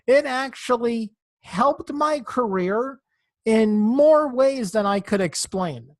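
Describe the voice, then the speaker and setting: A man hosting a podcast in relaxed, chatty conversation. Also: very high-pitched, takes it slowly, dry recording. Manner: relaxed, chatty, laughs easily. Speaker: podcast host. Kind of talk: casual chat.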